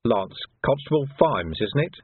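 A man voicing a gruff, hard-bitten middle-aged watch sergeant who speaks curtly with dry sarcasm. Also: mid-range voice, very animated, unhurried, dry recording. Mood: brisk. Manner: curt, commanding, dry sarcasm. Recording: tinny narrow audio, dry.

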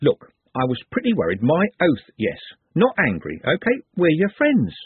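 A man's voice: a little high, huge pitch swings, normal speed, husky, no echo, pitched above the performer's own voice, heavily acted. A man voicing a blunt, street-smart young man who talks casually. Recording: tinny phone-like dry audio.

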